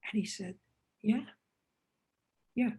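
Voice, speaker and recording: An older man, a film director guest in an interview, telling animated anecdotes and acting out what people said. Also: sits high, takes it slowly, husky, low-quality recording. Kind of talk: casual storytelling interview.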